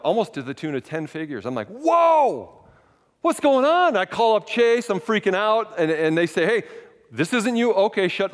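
Animated pastor preaching in a reverberant hall. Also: male voice, fairly high pitch. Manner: animated, conversational preaching with frequent restarts. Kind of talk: sermon. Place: church sanctuary.

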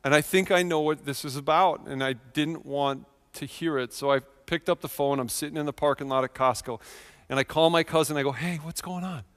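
A man in his thirties delivers a church sermon in a slightly raised voice. He tells a personal story earnestly, dropping quiet and then building loud. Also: on the high side, steady tone, a little fast, clear, resonant tone, long reverb tail. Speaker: pastor.

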